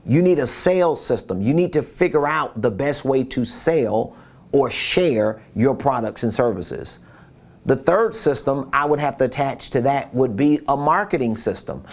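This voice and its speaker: A man's voice: mid-range voice, animated, a little slow. A man giving a casual business coaching talk, repeating his points and asking rhetorical questions.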